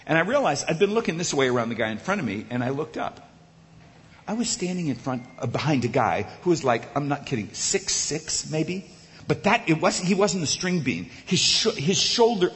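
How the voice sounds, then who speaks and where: A male preacher telling a funny story in a sermon, animated and acting out the characters. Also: on the high side, slight background noise. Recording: echoey large hall.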